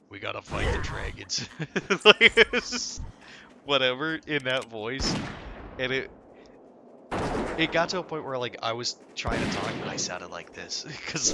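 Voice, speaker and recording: A man's voice: medium pitch, heavy background noise. A man chatting casually while gaming on stream, rambling through stories, swearing and laughing at himself. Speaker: game streamer. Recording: loud game gunfire behind.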